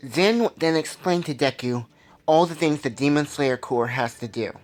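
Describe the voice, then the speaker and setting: A man's voice: fairly high pitch, normal speed. A man casually narrating a made-up fan story, rambling and correcting himself as he goes. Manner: rambling, conversational, self-correcting.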